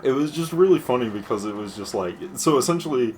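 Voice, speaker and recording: A man chatting casually over a racing game playthrough, telling gossip in an animated way, swearing freely and laughing often. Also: mid-range voice, fast, slight background noise. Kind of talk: casual gaming chat.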